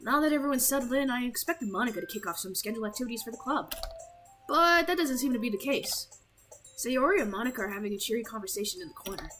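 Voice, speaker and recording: A woman's voice: a little high, expressive, fast, fairly bright tone, soft background music, low-quality recording. A woman voicing a goofy, awkward teenage boy narrating a visual novel, switching between several put-on voices. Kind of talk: visual novel read-along.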